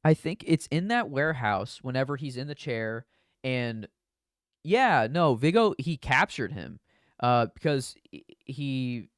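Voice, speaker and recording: Smooth-voiced man chatting casually. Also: medium pitch, lively intonation, measured pace, dry recording, clean studio sound. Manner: rambling, many restarts and "you know". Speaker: podcast co-host. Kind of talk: casual movie discussion.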